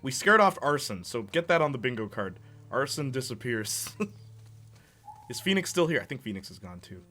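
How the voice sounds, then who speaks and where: A man's voice: medium pitch, very animated, normal speed, sharp tone. A young man riffing and laughing as a gaming streamer in casual live-stream talk. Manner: jokey, riffing, laughing often.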